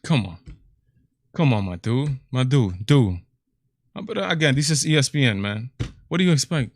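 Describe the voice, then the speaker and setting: A man's voice: medium pitch, animated, normal speed, dry recording. A man hosting a reaction commentary video, talking in incredulous bursts with repeated exclamations. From Latin America.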